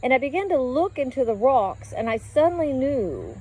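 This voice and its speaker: A woman's voice: high voice, big pitch swings, moderate pace, darkish tone, breathy edge, poor audio. A middle-aged woman speaks into her phone outdoors in an earnest, rambling testimony. She talks with feeling, stops and restarts, and keeps going on as she walks. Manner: earnest, rambling, emotional, with frequent fillers. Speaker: vlogger sharing a dream. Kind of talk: casual testimony to camera. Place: outdoors walking her dog in town.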